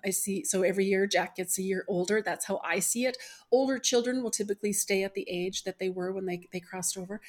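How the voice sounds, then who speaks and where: A middle-aged woman, a spiritual medium, earnestly and emotionally telling a personal story as a podcast guest. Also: medium pitch. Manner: earnest, emotional retelling with quoted voices.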